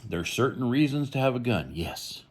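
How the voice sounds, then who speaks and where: A man's voice: medium pitch, animated, normal speed, a little mellow, husky. A man hosting a true crime channel, giving blunt, rambling, opinionated commentary.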